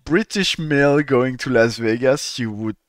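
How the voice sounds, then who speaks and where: A man's voice: mid-range voice, a little slow, no room sound, clean studio sound. A Belgian man with a French accent, hosting a podcast in casual, wry conversation. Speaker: podcast host. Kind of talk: casual chat.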